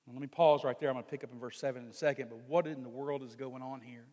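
A man preaching a sermon as pastor, reading scripture, then explaining it earnestly, slowing down and swelling louder to stress key points. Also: mid-range voice, steady tone. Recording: long hall reverb.

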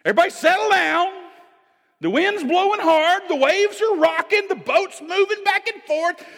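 A commanding, reassuring divine figure speaks over frightened followers, as a preacher acts him out. The voice sits very high for a man and climbs with urgency. It rings out with the long reverb of a large hall. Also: lively intonation, moderate pace, vocal fry, a bit bright, full character voice. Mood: urgent, reassuring. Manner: emphatic, urgent preaching delivery.

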